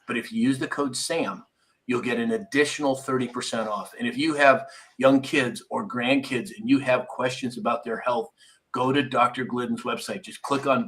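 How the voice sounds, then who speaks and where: A man hosts a live stream in a bright, crisp voice. He rambles casually, chats with his crew and reads viewer comments aloud. His pitch sits in an ordinary middle range. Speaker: live stream show host.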